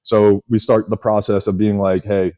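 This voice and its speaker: A man in his thirties, a former pitcher and podcast guest, telling long stories quickly with many fillers. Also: no echo. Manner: rapid, animated storyteller with many fillers. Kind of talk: casual storytelling chat. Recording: dull lo-fi podcast audio.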